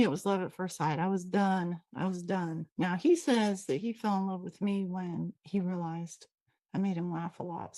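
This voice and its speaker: A woman's voice: on the low side, mellow, no room sound. Chatty woman with a Northwest accent. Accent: Pacific Northwest American. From Washington State, USA. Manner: chatty, digressive, upbeat. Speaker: host and trainer. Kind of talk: casual teaching talk, recorded online.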